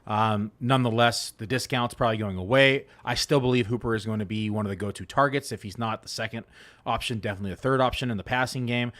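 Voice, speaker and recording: A man's voice: mid-range voice, fast talker, a bit bright. A man co-hosting a fantasy football show in a casual, rambling way with plenty of fillers. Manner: laid-back, rambling with many fillers. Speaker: fantasy football analyst co-host. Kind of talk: casual podcast chat.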